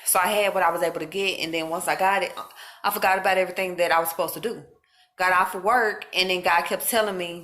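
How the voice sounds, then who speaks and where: A woman's voice: on the low side, fairly even intonation, quick pace, pushed and bright. A woman speaking earnestly and informally to her viewers, giving casual spiritual encouragement. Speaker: faith vlogger.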